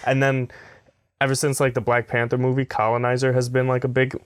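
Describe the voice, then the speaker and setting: A man's voice: mid-range voice, monotone, brisk, smooth, no echo. Rambling, joking young man on a podcast. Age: 20s. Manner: rambling, jokey, self-deprecating. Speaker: podcast co-host. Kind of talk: casual chat.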